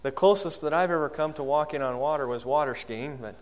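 Man preaching a sermon. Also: brisk. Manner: rises loud and high when acting out quoted prayers, drops low and soft on key lines; asks the congregation questions.

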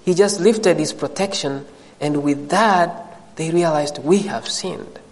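Animated preaching man in a reverberant hall. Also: fairly high pitch, slow. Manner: animated, rising emphatic preaching. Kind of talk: sermon.

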